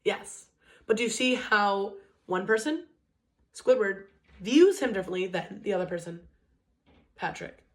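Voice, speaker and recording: A woman in her twenties talks to listeners in a loose, conversational way as a motivational speaker. Her pitch sits in the middle, and her pace speeds up and slows down. She keeps checking in with "okay?" and "right?". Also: expressive. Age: 20s. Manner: restarts sentences and uses many fillers, pace swings between quick and slow. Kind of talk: casual motivational talk.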